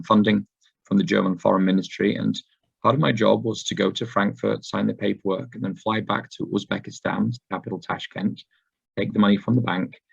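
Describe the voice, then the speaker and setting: Hoarse man with a gravelly voice. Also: sits low. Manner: unhurried, with frequent ums and uhs. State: hoarse, recovering from laryngitis. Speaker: guest speaker. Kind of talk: sermon talk to a congregation. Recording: dull lo-fi recording.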